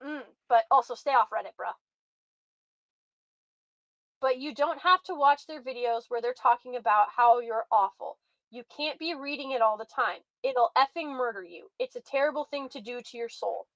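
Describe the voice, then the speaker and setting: A woman's voice: a little high, moderate pace, a bit bright, no room sound, poor audio. A woman hosting a commentary show, reacting with sarcastic, exasperated rants. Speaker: commentary host.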